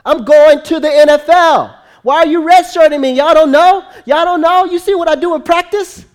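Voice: mid-range voice, very animated, rapid-fire, warm tone, close to an everyday voice. A preacher acting out a cocky, whiny young male college football player who insists he deserves to play. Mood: indignant. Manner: boastful, whiny, indignant.

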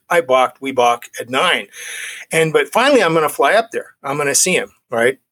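Husky man telling his recovery story. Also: on the high side, normal speed. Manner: animated storytelling, acts out quoted dialogue. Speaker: guest.

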